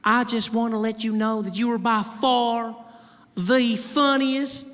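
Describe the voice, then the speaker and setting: Man putting on a high cooing Southern belle. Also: fairly even intonation, takes it slowly, a bit bright. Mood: flirty. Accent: American Southern. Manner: sugary, cooing. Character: flirty Southern belle woman, brash. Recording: noisy, echoing live stage.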